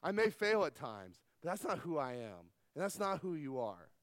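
A middle-aged man preaching a sermon, stressing key words loudly and dropping to quiet asides. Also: fairly high pitch, big pitch swings, normal speed, no echo. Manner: emphatic preaching that swings between loud stresses and soft asides. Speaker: pastor.

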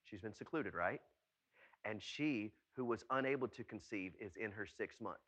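A man preaching a sermon, animated, often calling out questions to his listeners and acting out the voices of people in his story. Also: lowish voice, moderate pace, husky.

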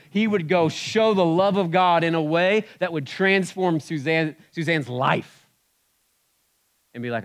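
A man preaching a sermon in a conversational way, swinging between loud emphatic bursts and quiet asides. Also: fairly high pitch. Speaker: pastor.

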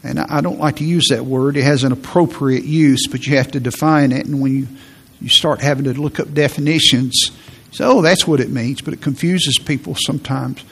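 A middle-aged man preaching a sermon as pastor, earnest, often repeating phrases and slowing down for emphasis. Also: medium pitch, fairly even intonation, gravelly, husky.

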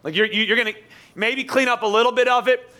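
A man preaching a live sermon as pastor in a church, jokey and energetic, teasing his congregation. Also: very high voice, fast talker. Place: church auditorium.

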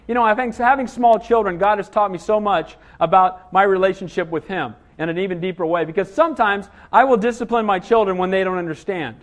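A man's voice: high voice, fairly quick, few pauses. A man preaching a sermon, a father of small children, full of rhetorical questions and frequent calls of "Amen?" to the congregation. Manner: call-and-response, asks "Amen?" often; rhetorical questions, rising to emphatic cries. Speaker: pastor.

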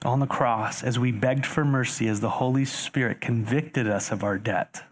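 A male pastor delivering a sermon to his congregation at a middle pitch. He reads scripture aloud and breaks off to explain it. His voice jumps up for emphasis and for questions put to the listeners. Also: moderate pace. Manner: animated, rising sharply for emphasis and rhetorical questions; addresses congregation directly.

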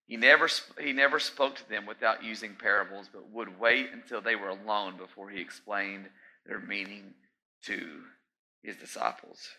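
Bright-voiced male preacher, chatty sermon. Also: lowish voice, normal speed, poor audio. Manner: conversational, animated retelling with asides.

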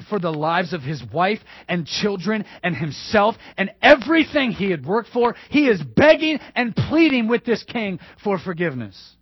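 A male pastor preaching a sermon emphatically, repeating key phrases and dropping to hushed asides. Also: sits high, sing-song, moderate pace, hardly any pauses, slightly rough, dry recording. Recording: dull dry lo-fi sermon recording.

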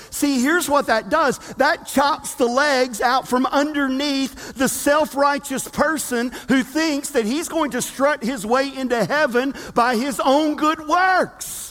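High-voiced man preaching in a reverberant hall. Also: a little slow, hardly any pauses. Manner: dynamic preaching, swings from loud emphatic to low hushed. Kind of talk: sermon. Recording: long reverb of a large hall.

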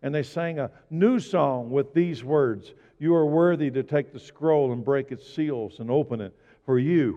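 A man preaching a sermon, swinging from loud exclamations to hushed, slow lines. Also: medium pitch. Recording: dull sound with long hall reverb.

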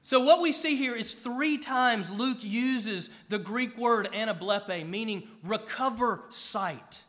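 A middle-aged pastor, preaching a sermon, with emphatic rises and soft drops. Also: male voice, high-pitched, slow pace.

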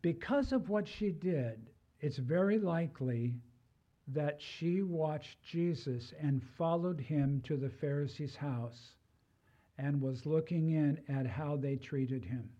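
A man's voice: on the high side, takes it slowly, dark tone, highs cut off. An older man preaching a sermon in a conversational way, with personal asides. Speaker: pastor.

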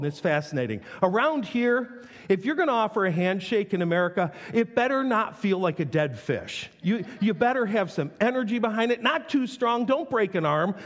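A man's voice: sits high, big pitch swings, a little fast. A man in his forties preaching a conversational sermon in a church, earnest and prone to restarting his sentences. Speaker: pastor. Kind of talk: sermon with prayer. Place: church sanctuary. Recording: long hall reverb.

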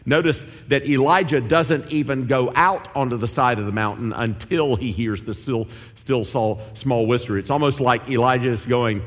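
A man preaching a sermon, animated and acting out the voices of biblical figures. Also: medium pitch, moderate pace, hardly any pauses. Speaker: pastor. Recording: long hall reverb.

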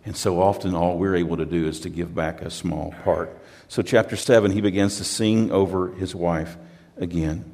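A man's voice: low-pitched, steady tone, moderate pace, darkish tone, long reverb tail. A pastor from the United States preaching a sermon in a conversational, storytelling way, often repeating words as he restarts.

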